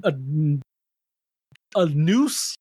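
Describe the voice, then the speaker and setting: A man's voice: on the high side, animated, very slow, warm tone, husky, dry recording, studio quality. A man co-hosting a podcast, casually recapping movie scenes and quoting characters in a laid-back way. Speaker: podcast co-host. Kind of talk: casual movie review chat.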